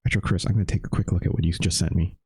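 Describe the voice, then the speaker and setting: A man in his thirties streaming a retro game, chatting with viewers in a loose, animated way and swearing casually. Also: deep voice, racing, husky. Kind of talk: live game stream chat.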